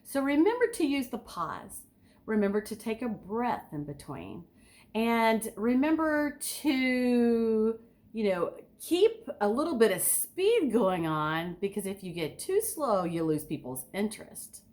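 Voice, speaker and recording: Lively, animated woman giving speaking tips. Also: fairly high pitch, unhurried. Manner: enthusiastic, sometimes overly excited; asks the listener direct questions. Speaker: speaking coach. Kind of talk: instructional talk.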